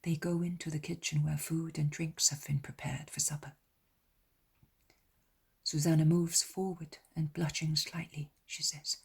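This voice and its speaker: A woman narrating a dramatized religious audiobook in a soft half-whisper. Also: low-pitched, little pitch movement, unhurried, vocal fry, slightly rough.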